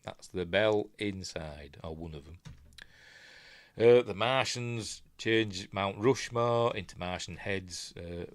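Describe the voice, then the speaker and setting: A man's voice: fairly low pitch, takes it slowly, dry recording. A man with a Yorkshire accent rambling casually through a film breakdown, often trailing off and mumbling asides. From England. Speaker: film reviewer.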